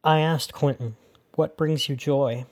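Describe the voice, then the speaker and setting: A man hosting a podcast, reading his narration in a sincere, measured way. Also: fairly high pitch, steady tone. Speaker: podcast host.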